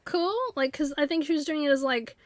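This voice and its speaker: High-voiced rambling woman streamer. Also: steady tone, fast talker, no echo. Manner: rambling, filler-heavy, bursts into silly character voices. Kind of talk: casual chat while live-streaming a game. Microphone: desktop USB mic.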